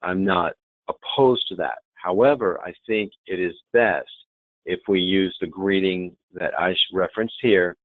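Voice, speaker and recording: A man presenting a hospitality training webinar, demonstrative and lively, often checking in with the audience. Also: deep voice, a little slow, no room sound. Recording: tinny phone-like webinar audio.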